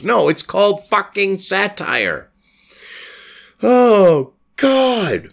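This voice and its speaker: Casting: a man with a high, gravelly voice for a foul-mouthed, scornful news commentary host. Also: very animated, slow. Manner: profane, scornful, mocking. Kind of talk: ranting commentary on a news article.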